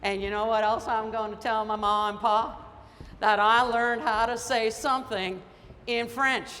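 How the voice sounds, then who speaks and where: A man's voice: high voice, steady tone, a little slow, sharp tone. A woman voicing a big, friendly Southern man proudly telling a story, in an earnest, homespun way. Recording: echoey hall with faint noise.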